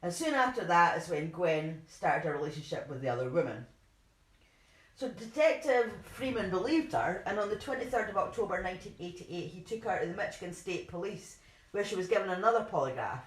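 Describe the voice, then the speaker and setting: A woman's voice: fairly low pitch, expressive, brisk. Chatty woman co-hosting a podcast. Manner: chatty, laughs easily, self-deprecating. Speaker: podcast co-host. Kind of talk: casual chat, reading case notes. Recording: roomy home recording.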